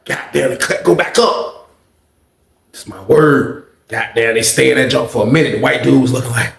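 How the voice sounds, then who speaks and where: A man telling a story in a casual, animated, profane way, full of repetition. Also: mid-range voice, normal speed, vocal fry, reverberant.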